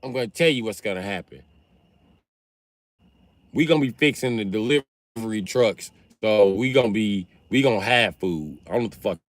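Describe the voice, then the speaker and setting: A man hosting a livestream, talking in a casual, profane and animated way as he tells stories. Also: on the low side, moderate pace, no room sound. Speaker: livestream host.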